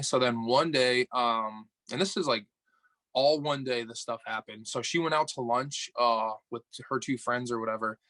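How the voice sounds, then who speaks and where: A young man from upstate New York, a podcast guest telling a dating story in casual chat, animated and swearing, acting out the dialogue. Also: medium pitch, moderate pace, dry recording.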